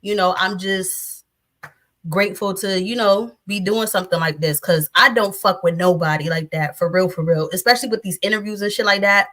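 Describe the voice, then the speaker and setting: A woman's voice: medium pitch, a little fast, a bit bright. A woman in her thirties talking bluntly and profanely as an interview guest, often laughing. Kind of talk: casual interview chat.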